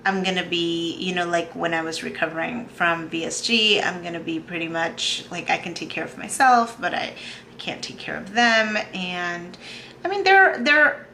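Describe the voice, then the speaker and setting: A woman in her thirties talking in a personal video diary, soft and halting, with many pauses and fillers, close to tears. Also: fairly low pitch, fairly even intonation, creaky, a little hiss or hum. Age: 30s. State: emotional, on the verge of tears. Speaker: vlogger.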